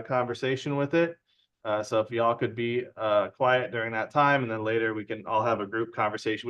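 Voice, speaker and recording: A man presenting a casual tech talk to a user group over a video call. He sounds relaxed and chatty and keeps checking in with his listeners. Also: mid-range voice, dull audio. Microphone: video call from home.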